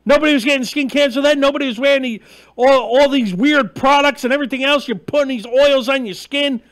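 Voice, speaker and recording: A man rants through a live-stream monologue, profane and mocking, swinging between loud heated outbursts and easy asides to viewers. His voice sits very high for a man. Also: fairly quick. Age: 40s. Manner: ranting, profane, mocking and emphatic; gets loud and heated, then drops back to chatting with viewers. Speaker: host of a live online show.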